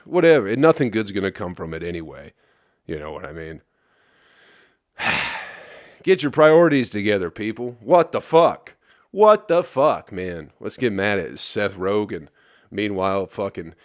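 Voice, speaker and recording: Hungover man ranting, low dry voice. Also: no echo. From Flint, Michigan. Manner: profane, exasperated ranting. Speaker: comedian podcast host. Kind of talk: solo rambling podcast rant.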